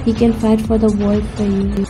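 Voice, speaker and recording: A woman narrating a fan-fiction story in an even, unhurried reading voice. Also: mid-range voice, low-quality recording. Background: faint music.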